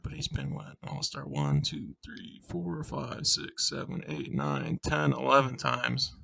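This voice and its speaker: A man's voice: mid-range voice, sing-song, unhurried, vocal fry, a bit bright. A young man co-hosting a casual podcast, rambling with fillers. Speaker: podcast co-host.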